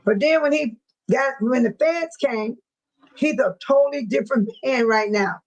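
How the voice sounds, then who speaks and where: A woman's voice: high-pitched, normal speed, darkish tone, muffled recording. A woman hosting her own channel in casual live-stream chat, laughing often and mimicking other people in exaggerated voices. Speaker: channel host.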